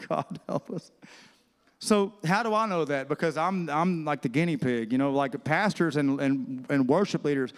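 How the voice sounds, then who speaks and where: A man's voice: a little high, measured pace. A man preaching a sermon as pastor, talking conversationally and calling out to his congregation. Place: church sanctuary. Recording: reverberant church hall.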